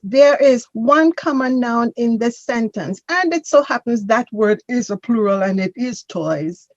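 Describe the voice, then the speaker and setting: A woman with a slightly high voice teaches grammar at an unhurried pace, patiently correcting and repeating words for her student. The audio is dull and lo-fi, as from an online class. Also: lively intonation, no room sound. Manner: patient, corrects and drills pronunciation.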